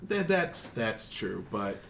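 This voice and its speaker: A man's voice: on the low side, big pitch swings, takes it slowly, vocal fry, a bit bright, slight background noise. A young man with a stuffed-up voice from a cold, running a tabletop game as dungeon master in easygoing chat. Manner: laughing, easygoing, trailing off with fillers. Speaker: dungeon master and podcast producer.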